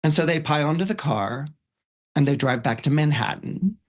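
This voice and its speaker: Chatty man retelling a story, higher voice. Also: expressive, normal speed. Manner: chatty, many fillers like "you know" and "like". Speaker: astrologer guest. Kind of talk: casual storytelling retelling a film.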